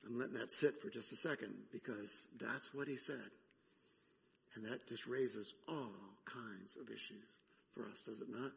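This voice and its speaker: A man preaching a sermon in a conversational way, pausing to reflect on the scripture. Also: medium pitch, gravelly, big-room sound, a little hiss or hum. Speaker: pastor.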